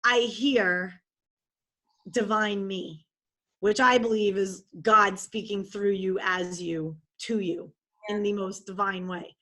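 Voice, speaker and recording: A middle-aged woman, a podcast guest, telling a personal story in a candid, expressive way with many fillers. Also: mid-range voice, takes it slowly.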